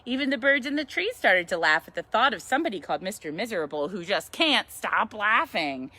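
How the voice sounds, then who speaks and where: Animated woman reading a children's story. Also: medium pitch, a little fast. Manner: animated, chatty and playful. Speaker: yoga teacher reading to a child.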